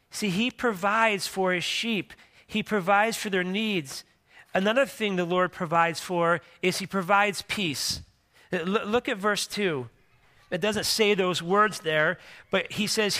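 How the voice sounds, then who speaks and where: Bright-voiced male pastor preaching casually. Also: high-pitched, unhurried. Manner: conversational, joking asides, frequent restarts. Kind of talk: sermon.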